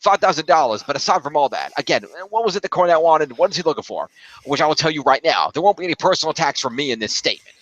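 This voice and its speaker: Man doing a cocky New York mafia-type, sneering and sarcastic, fast delivery. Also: a little high, sing-song, a bit bright, rough recording. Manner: mocking, sarcastic delivery of a read-out statement.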